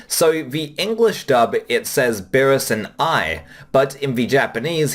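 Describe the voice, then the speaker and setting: A man giving casual video commentary on anime dub changes, talking briskly and reading short quotes aloud between quick asides. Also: mid-range voice.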